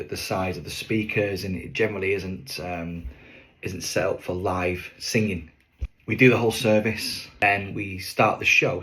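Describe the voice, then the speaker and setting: A man, a singing waiter, chatting to camera as he tells a story from a show. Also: deep voice. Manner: chatty, lively, with fillers and asides.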